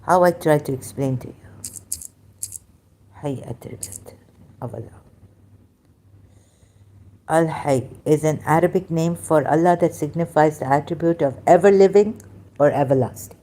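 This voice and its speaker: A woman's voice: sits low, a little slow, long pauses, mellow. A woman with a Persian accent, speaking in broken English, hosts a rambling religious commentary live stream and often halts and interrupts herself.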